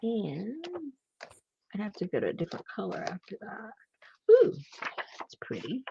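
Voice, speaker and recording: A woman's voice: medium pitch, wildly swooping pitch, normal speed, creaky, highs cut off, background noise. A woman hosting a casual crafting chat, rambling and laughing easily as she works. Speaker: crafting channel host.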